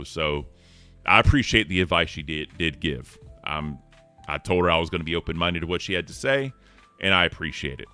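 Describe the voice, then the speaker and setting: Man, show host, low voice, bright tone, casual rambling chat, faint music behind. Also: smooth. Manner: earnest and thankful, rambling with fillers.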